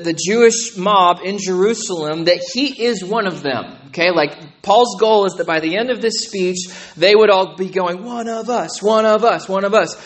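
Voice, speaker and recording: High-voiced man preaching casually. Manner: conversational preaching with frequent "right?" and "okay?". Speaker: pastor. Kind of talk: sermon.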